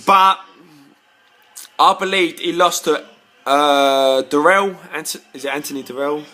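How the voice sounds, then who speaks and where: Tipsy man, casual vlog rant, rambling and repeating himself, high voice. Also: measured pace, sharp tone. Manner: rambling, repeats words, swears when riled. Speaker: vlogger.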